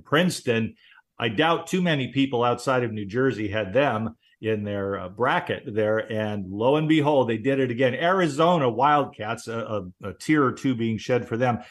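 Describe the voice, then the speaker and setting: A man's voice: medium pitch, expressive, normal speed. Upbeat male talk host, jokey, easy chat, laughs a lot. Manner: jovial, joking, laughs often. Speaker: radio show host. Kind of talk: casual interview chat.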